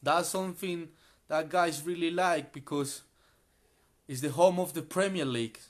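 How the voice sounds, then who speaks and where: A man who is a guest in a live online English class, chatting in a friendly, relaxed way and explaining things plainly. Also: a little high, a little slow. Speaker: guest sharing travel tips.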